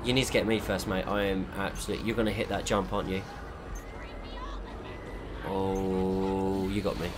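A man's voice: deep voice, flat delivery, moderate pace, pauses often, over music. A man giving frustrated, swear-filled commentary while playing a shooter game. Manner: frustrated, heavy swearing, exasperated. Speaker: gamer. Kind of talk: gameplay commentary.

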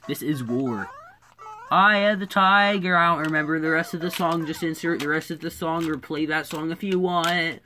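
A woman's voice: sits low, steady tone, brisk, few pauses, a bit bright, a little hiss or hum. A woman giving casual commentary while playing a video game, muttering, repeating herself and scolding the game when it goes wrong. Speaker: gaming YouTuber. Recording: game music behind the voice.

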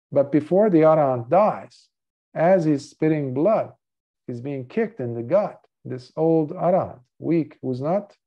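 Role: Buddhist monk teacher. Sex: man. Style: earnest, measured dharma talk. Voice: mellow. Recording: dull, lo-fi. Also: fairly high pitch.

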